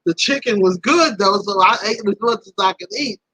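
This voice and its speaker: A woman hosting a live stream tells a story to her viewers in a lively, casual way. She laughs often, and her voice jumps up high at the embarrassing parts. Her tone is bright and forceful, and the recording is close and dry. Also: normal speed, slightly rough, no room sound, rough recording. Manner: animated, laughing, swoops high when embarrassed.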